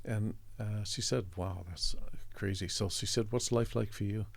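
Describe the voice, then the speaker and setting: Man, from Canada, middle-aged, low voice, conversational storytelling. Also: fairly even intonation, normal speed, gravelly, no echo. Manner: reflective, meandering anecdotes with restarts. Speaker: interview guest, artist.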